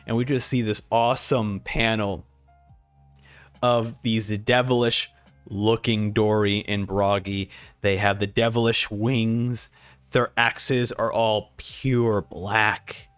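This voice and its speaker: A man's voice: lowish voice, takes it slowly, smooth, no room sound, faint music behind. A man hosting a casual manga reaction, narrating panels and acting out the dialogue. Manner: animated, acts out dialogue. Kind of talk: casual commentary.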